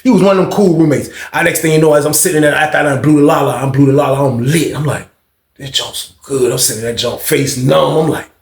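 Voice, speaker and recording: A man's voice: a little high, roomy sound. A man telling a story in casual, slangy street talk, full of asides to his listeners. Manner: slangy, drawn-out street talk with lots of fillers.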